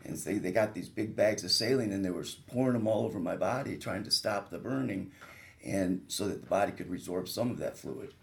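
A man's voice: fairly low pitch, a little fast, creaky. A man, a surgeon, telling a guest on a radio talk show the personal story of a grave injury, earnest and vivid. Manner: earnest, vivid retelling with rising intensity at peak moments.

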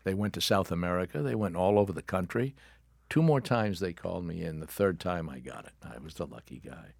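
A very low-pitched older man tells wry, animated anecdotes as a studio guest. His voice is recorded dry and close, with no room sound at all. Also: a little fast, vocal fry, no room sound. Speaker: guest, actor and author. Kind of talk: storytelling in a studio interview. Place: radio studio.

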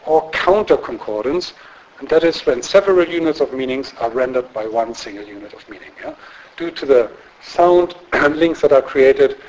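A man giving an academic lecture in a measured, explanatory way, often checking in with tag questions and filling pauses with um and uh. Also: on the high side, low-quality recording. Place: lecture room.

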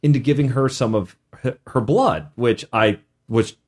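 A man hosting a casual podcast as a game master, animated, with many restarts. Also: medium pitch, moderate pace.

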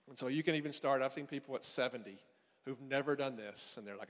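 A man in the middle of his pitch range gives a relaxed, faith-based seminar talk. He speaks as a counselor, chatting loosely with the audience and restarting his sentences as he goes. His voice carries a long reverb from a large hall. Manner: casual, conversational, with asides and quick restarts. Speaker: marriage and family counselor teaching a seminar.

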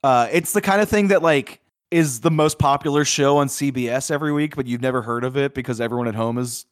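With a medium-pitched voice and a fast delivery, a man co-hosts a podcast and reviews films in chatty, filler-heavy fashion. It's a clean studio recording without room sound.

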